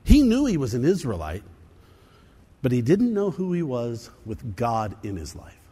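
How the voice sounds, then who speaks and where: Animated preaching man in a big hall. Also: mid-range voice, moderate pace, breathy edge. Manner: animated preaching, acting out scripture voices. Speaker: pastor. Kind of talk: sermon.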